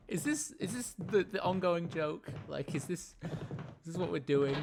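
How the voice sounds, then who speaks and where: A man's voice: on the high side, slow, vocal fry, background noise. A man hosting a horror game playthrough, chatting casually with a friend, laughing often, easily flustered and swearing freely. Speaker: host playing a horror game. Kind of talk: casual chat while gaming. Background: loud game music.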